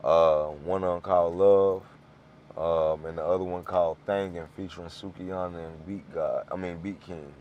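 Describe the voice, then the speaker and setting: Low-voiced man telling stories. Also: moderate pace, muffled recording, a little hiss or hum. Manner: animated, acts out voices in his stories. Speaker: podcast guest, rapper. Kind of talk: casual storytelling.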